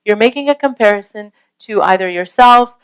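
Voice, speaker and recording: A woman delivers a casual lecture on parenting in a smooth, resonant voice. She speaks earnestly and conversationally, pausing now and then to check in with her listeners. Her pitch sits in a mid range for a woman. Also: poor audio. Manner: earnest, conversational, frequent rhetorical "right?".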